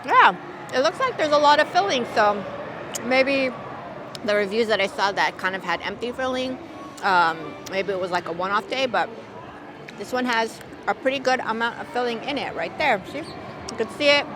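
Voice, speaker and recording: A woman's voice: on the high side, expressive, moderate pace, background noise. A woman food vlogger chatting casually as she tastes and reviews dishes outdoors, hedging and thinking aloud. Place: outdoors at a theme park, windy.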